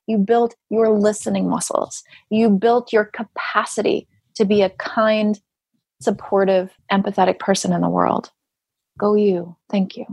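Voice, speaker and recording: A woman's voice: mid-range voice, fairly even intonation, moderate pace, gravelly, darkish tone, husky, no room sound, clean studio sound. A woman guest speaking in a wry, emphatic, teacherly way during a casual podcast conversation. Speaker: podcast guest, grief writer.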